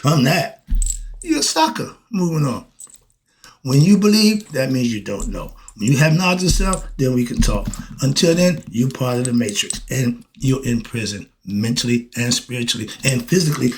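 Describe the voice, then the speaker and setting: A middle-aged man giving a preachy solo monologue, answering his own questions and breaking into shouts. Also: medium pitch. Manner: coughs and clears throat. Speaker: street philosophy commentator.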